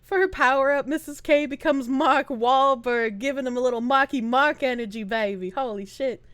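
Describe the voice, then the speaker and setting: A woman's voice: sits high, normal speed, a bit bright, dry recording, clean studio sound. A young woman with a Boston accent streaming live, chatting casually, swearing a lot and laughing often. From Boston area, US. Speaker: streamer, VTuber. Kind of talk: casual livestream chat and rants. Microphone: streaming microphone.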